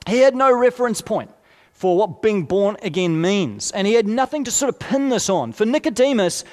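Male preacher, high voice, chatty explanatory sermon, long hall echo. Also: big pitch swings, normal speed, darkish tone. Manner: conversational, explanatory, asides and rhetorical questions.

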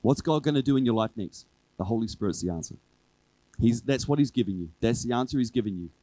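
A man preaching a sermon to his church in a relaxed, conversational way, driving his points home with repeated refrains. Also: medium pitch, fast talker, no echo, poor audio. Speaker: pastor. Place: church service with a congregation.

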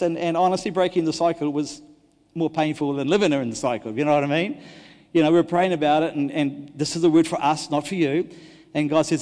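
A New pastor preaches a sermon in a fairly high voice. He tells stories with animated swings between loud and hushed delivery. His voice rings with long reverb in a big hall. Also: a little fast.

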